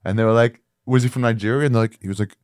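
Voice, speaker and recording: A man's voice: medium pitch, very fast, clean tone, dry recording, clean studio sound. A middle-aged male comedian in casual podcast chat, telling stories and acting out quotes, swearing freely. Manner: animated storyteller, acts out quotes, swears freely. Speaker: comedian guest.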